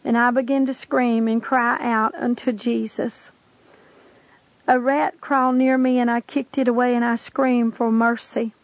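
A woman's voice: on the high side, little pitch movement, measured pace, dry recording, poor audio. A woman earnestly recounting a dramatic personal testimony, telling it intensely as a narrator.

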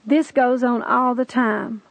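A woman's voice: a little high, steady tone, takes it slowly, gravelly, no room sound, heavily acted. Jesus, solemn and loving, read by a woman. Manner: solemn, gently commanding. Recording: dry lo-fi tape recording.

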